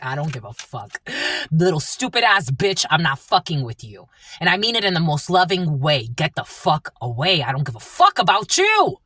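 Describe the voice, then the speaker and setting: A woman's voice: low voice, wildly swooping pitch, moderate pace, sharp tone, slightly rough. A woman giving a tarot reading who swears often and repeats herself bluntly. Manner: profane, blunt and repetitive. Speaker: tarot reader. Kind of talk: angry spiritual tarot reading.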